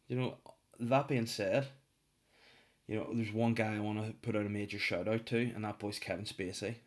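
Rambling man, low voice. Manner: rambling, crude, conversational. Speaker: comedy podcaster. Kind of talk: comedic monologue.

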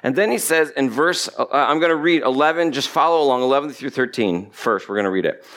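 A man's voice: mid-range voice, animated, brisk, few pauses, fairly bright tone. A man preaching a sermon, emphatic and repetitive, stretching out key words for stress. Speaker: pastor.

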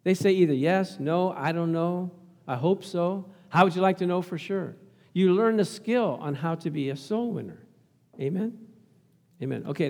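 High-voiced preaching man in a reverberant hall. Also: a little mellow. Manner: storytelling, acts out quoted voices, calls for amens. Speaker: pastor. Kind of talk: sermon with personal story.

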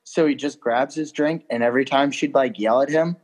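Young man, casual storytelling, rambling, lots of fillers, middle pitch. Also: fairly quick, a little mellow. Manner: loose, rambling, heavy on fillers and profanity.

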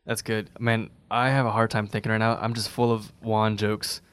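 A man's voice: fairly low pitch, flat delivery, moderate pace, a bit bright, clear, resonant tone, dry recording. A man co-hosting a casual talk show, bantering with playful, wry jokes.

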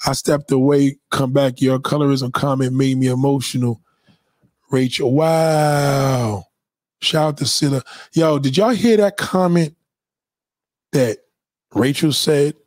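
A man's voice: medium pitch, normal speed, no echo. A man hosting a podcast, telling loose, profane stories and reacting to live comments in casual chat. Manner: loose, profane storytelling, lots of restarts. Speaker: podcast host.

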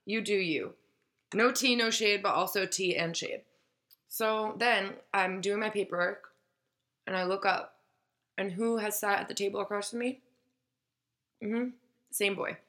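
A woman's voice: mid-range voice, measured pace, pauses often, fairly bright tone. A woman casually telling a story, acting out the quoted voices and swearing freely.

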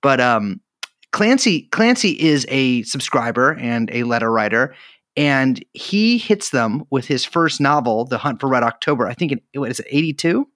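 A man's voice: medium pitch, sing-song, moderate pace, fairly bright tone, no room sound. A man chatting casually on a podcast, rambling with fillers and dry jokes. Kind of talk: casual chat.

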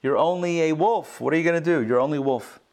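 An indulgent forest animal waving away every confession with soothing, dismissive comfort, as a man plays him in a parable. His voice climbs noticeably higher than the teller's own. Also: fast, darkish tone, close to an everyday voice. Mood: reassuring.

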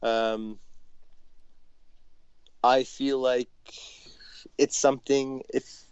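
A man's voice: mid-range voice, very slow, smooth, no room sound. Canadian guy brewer chatting on a call, patient, lots of ums, kinda muffled dry sound. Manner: relaxed, explains patiently with frequent fillers. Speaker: podcast guest, brewer. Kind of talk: casual chat. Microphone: phone call.

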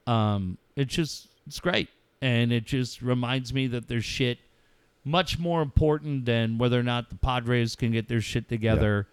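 A middle-aged man on a talk show speaks with emotion, pausing and restarting, with coarse words mixed in. His voice is smooth and resonant. The sound is close and dry, with no room around it. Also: mid-range voice, no echo. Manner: heartfelt, swears freely, halting pauses. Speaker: radio show host.

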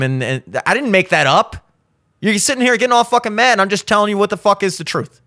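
Fairly quick and animated, a show host's voice sits high with a pushed, bright quality as he bluntly rants about relationships. Heavy swearing and insistent repetition drive his monologue, recorded cleanly in a studio with no echo.

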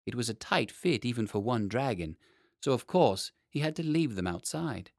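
A man narrating a children's storybook in a measured, expressive reading. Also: medium pitch, dry recording, clean studio sound.

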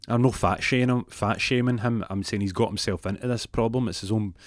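A Scottish man spinning a comic yarn, his voice deep and low. He rambles, swears and trips over his own words, recorded dry and close. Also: fairly quick, dry recording. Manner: rambling, profane, self-interrupting. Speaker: storyteller. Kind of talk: comic storytelling.

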